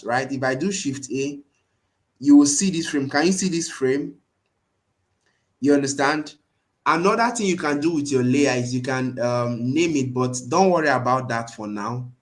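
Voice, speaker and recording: A man teaching a design tool in a live screen-share tutorial, earnestly checking in with his students again and again. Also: mid-range voice. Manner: earnest, keeps checking in with "right?" and "you understand?". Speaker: design instructor.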